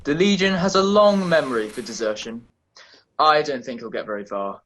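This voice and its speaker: An actor playing a calm, brilliant male detective in a radio drama, explaining in a crisp, confident way. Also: medium pitch, moderate pace, slight background noise, natural voice. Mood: assured.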